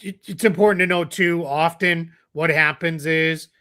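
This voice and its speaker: A man's voice: on the high side, fairly even intonation, moderate pace. A man co-hosting a live basketball draft show, rambling casually and reading out viewer messages. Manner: rambling, reads viewer messages, trails off quietly. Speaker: podcast co-host.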